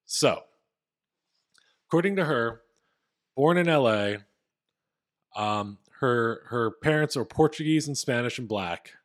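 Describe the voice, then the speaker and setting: A man's voice: medium pitch, animated, takes it slowly, long pauses. A man co-hosting a podcast, explaining a story in a casual, wry way. He is from Philadelphia but has no heavy accent. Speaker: podcast co-host. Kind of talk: casual chat.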